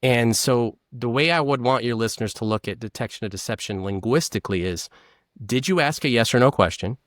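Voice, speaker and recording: A man's voice: medium pitch, brisk, no room sound, clean studio sound. A man, a former polygraph examiner, explaining as an interview guest and acting out questions and answers. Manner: animated, acts out questions and answers.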